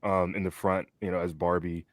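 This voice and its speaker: A young man with a low, deep voice talks in a loose, rambling podcast chat. He fills his sentences with "like" and "um" and laughs easily. The sound is close and dry, with no room echo. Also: level tone, brisk. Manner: rambling, many fillers and restarts, laughs easily. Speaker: podcast co-host. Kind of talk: casual chat.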